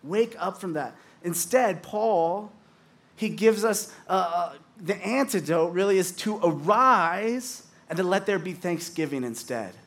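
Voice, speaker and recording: Chatty male pastor with a higher voice. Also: expressive, unhurried, fairly bright tone. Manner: chatty, full of "like" and restarts, acts out little dialogues. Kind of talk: casual conversational sermon.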